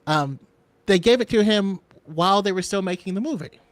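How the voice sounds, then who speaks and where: A man with a fairly high voice hosts a casual fan discussion show. He explains in long, rambling stretches, restarting sentences and chuckling as he goes. The sound is dry and close, with no room echo. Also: expressive, brisk. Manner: rambling, chuckling between points. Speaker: podcast host.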